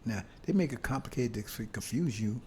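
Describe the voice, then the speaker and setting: A man preaching a sermon to brothers and sisters, talking in a loose, conversational way and often asking "see?" with halting restarts and bursts of emphasis. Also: medium pitch, lively intonation, dark tone, slight background noise. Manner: conversational, repeats "see?" to the congregation.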